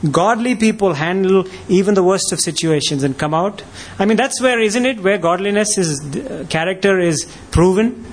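A man preaches with a high voice for a man. He is emphatic and keeps firing rhetorical questions at his listeners. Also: normal speed. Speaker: pastor. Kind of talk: sermon.

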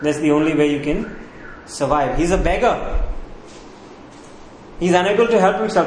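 Male preacher, high-pitched voice, questioning the congregation, heavy room echo. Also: animated, moderate pace, long pauses, slight background noise. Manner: asks the congregation questions, repeats key phrases. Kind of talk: sermon. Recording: very echoey room with faint ambience.

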